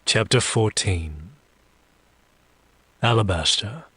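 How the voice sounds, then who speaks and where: A man narrating a dark romance audiobook, reading slowly and seductively and voicing a demon in first person. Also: lowish voice, expressive, breathy edge, dry recording.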